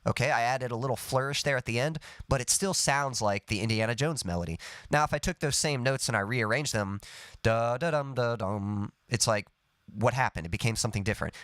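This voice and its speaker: A man's voice: medium pitch, a bit bright, no echo. Male songwriting coach, live-stream lesson, patient, hums examples, dry close mic. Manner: explains patiently, hums and sings short melody snippets.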